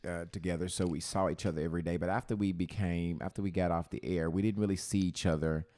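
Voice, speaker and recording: A man co-hosting a podcast, a former radio host, talking in a reflective, halting way with many restarts. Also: low voice, steady tone, warm tone. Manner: halting, repeats words, reflective. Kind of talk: casual chat.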